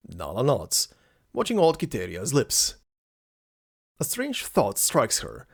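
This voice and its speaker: Slow, lively man reading game text. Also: medium pitch, vocal fry. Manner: amused, laughs at the game often. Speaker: let's play host.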